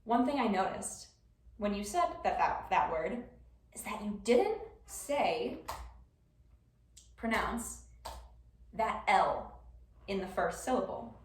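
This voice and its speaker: A woman's voice: mid-range voice, sing-song, takes it slowly, long pauses. A young woman with a Wisconsin accent giving a casual class presentation, chatty and informal with frequent ums. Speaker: student presenter. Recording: roomy classroom from far off.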